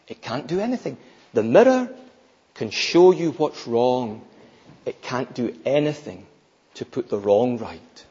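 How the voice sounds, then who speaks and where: Slow, husky preacher in an echoing hall. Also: male voice, lively intonation, warm tone. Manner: emphatic, rising to fervent peaks then dropping low. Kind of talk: sermon. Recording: dull lo-fi sound in a reverberant hall.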